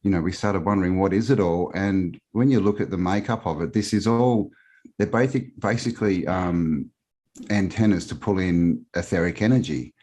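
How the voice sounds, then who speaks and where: Australian man, very low voice, a rambling podcast guest on a call. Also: normal speed, a little mellow. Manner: rambling, meandering with many fillers. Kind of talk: casual conversation on a live online show.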